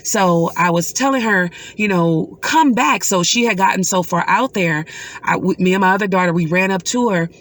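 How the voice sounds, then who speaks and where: A middle-aged woman, a mother, telling a personal story in an earnest, emotional way with pauses. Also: lowish voice. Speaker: mother recounting a dream.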